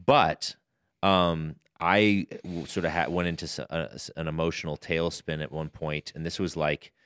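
A man's voice: extremely low pitch, steady tone, normal speed, a bit bright, smooth, dry recording, clean studio sound. A man who is a pastor hosting a podcast, earnestly telling a personal story in casual conversation.

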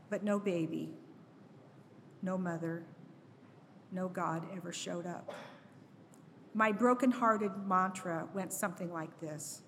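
Slow, earnest woman reading a memoir. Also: fairly low pitch. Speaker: guest reader. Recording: long hall reverb, faint noise.

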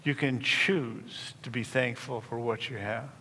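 A man's voice: medium pitch, fairly even intonation, bright, forceful tone. Man preaching in a reverberant hall. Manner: earnest preaching with slow emphatic stresses. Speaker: pastor. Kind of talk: sermon. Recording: reverberant hall, faint room noise.

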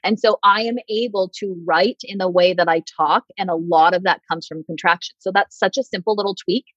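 A woman's voice: on the low side, a little fast, breathy edge, no room sound, lo-fi sound. A woman talking as a podcast guest and PR coach, casual and sarcastic, acting out quotes in other voices. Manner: animated, sarcastic, acts out quotes.

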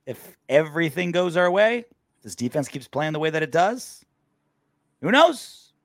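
A man co-hosting a casual sports podcast, ranting in an animated, crude way. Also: mid-range voice, no echo, clean studio sound. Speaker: podcast co-host.

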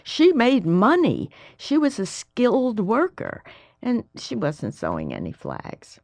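An older woman from Alabama with a Southern accent, a history professor telling wry, lively stories in an interview. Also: on the high side, takes it slowly, no room sound. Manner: lively, wry, animated storytelling. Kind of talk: interview, storytelling.

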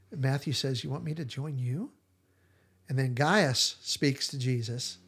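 A man's voice: mid-range voice, unhurried, fairly bright tone, slightly rough. A man hosting a podcast, retelling scenes in casual chat and acting out the quoted lines with animation. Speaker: podcast host.

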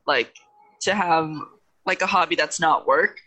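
A man's voice: fairly high pitch, a little slow, bright, forceful tone, low-quality recording. A man co-hosting a podcast in casual chat, rambling with lots of fillers and frequent laughs. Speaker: podcast co-host.

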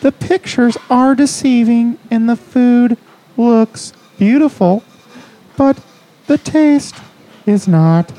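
A man putting on a high, whiny voice as a fussy female restaurant reviewer. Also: takes it slowly, warm tone, rough recording.

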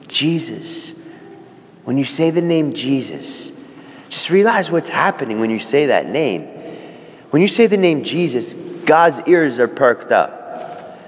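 A man, a priest, preaching a homily. He swings from loud rising calls down to soft, low asides. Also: big-room sound.

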